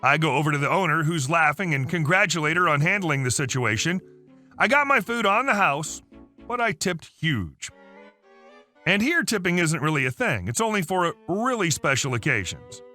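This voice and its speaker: A man narrating a story aloud in a lively, chatty way. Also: on the high side, moderate pace, faint music behind.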